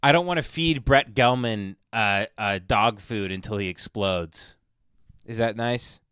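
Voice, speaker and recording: A man's voice: on the low side, unhurried, a bit bright, clean tone, dry recording, studio quality. A man hosting a live stream, mocking the people in a clip with sarcastic commentary. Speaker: stream host.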